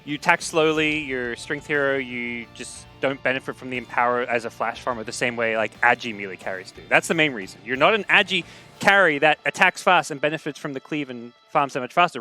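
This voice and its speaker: Fast-talking esports analyst. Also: male voice, fairly high pitch, sharp tone. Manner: rapid, explanatory. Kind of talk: panel discussion.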